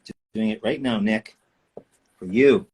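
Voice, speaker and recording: Husky-voiced man chatting with fans. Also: on the low side, unhurried, a little mellow. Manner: playful, joking, chatty. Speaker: voice actor signing autographs for fans. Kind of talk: casual livestream chat. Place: indoor room.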